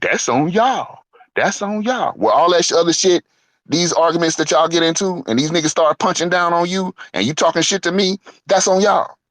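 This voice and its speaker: A man's voice: on the high side, fairly quick, fairly bright tone, no echo. A middle-aged man telling a heated, profane story in an angry monologue, mocking the people he quotes. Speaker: online show host.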